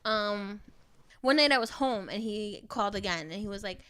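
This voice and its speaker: Young woman co-host, crisp bright tone, dry close sound, candid and profane storyteller. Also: mid-range voice, normal speed, no echo. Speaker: podcast co-host. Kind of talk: casual chat.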